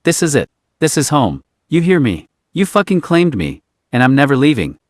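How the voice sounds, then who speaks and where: A man's voice: on the high side, wildly swooping pitch, normal speed, no room sound, clean studio sound. A man voicing a vulnerable young man who swears often and speaks with earnest emotion. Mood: passionate.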